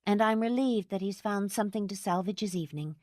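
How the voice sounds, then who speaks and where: A woman's voice: medium pitch, fast talker, darkish tone, no room sound, clean studio sound, pitched above the performer's own voice, lightly acted. A woman voicing a proud, hurt divorced woman of thirty who keeps her temper tightly controlled.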